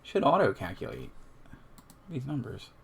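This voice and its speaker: A man's voice: mid-range voice, huge pitch swings, unhurried, gravelly, a bit bright, slightly rough. A man streaming a solo tabletop game, casually thinking aloud and reading numbers off a character sheet, with asides to his chat.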